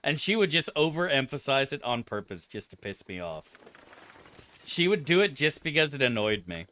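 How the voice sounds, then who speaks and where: Young man, game streamer, bright tone, profane ranting chat. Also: mid-range voice, very animated, normal speed. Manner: profane, ranting, mock-outraged. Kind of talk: casual live-stream chat.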